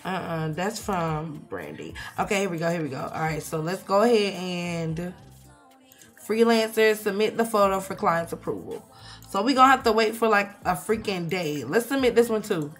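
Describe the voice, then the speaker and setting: A woman's voice: lowish voice, expressive, moderate pace, faint music behind. A woman giving casual, profane commentary while playing a life-sim game, shifting from mumbling to outbursts. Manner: chatty, swears, swings from mumbling to loud outbursts. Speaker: let's play streamer.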